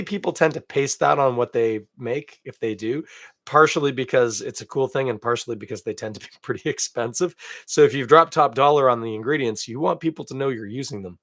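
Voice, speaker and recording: A man's voice: mid-range voice, fairly bright tone, no room sound, clean studio sound. A man from Canada hosting a beer podcast alone, chatting casually and thinking aloud with self-deprecating asides. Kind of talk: casual solo tasting chat.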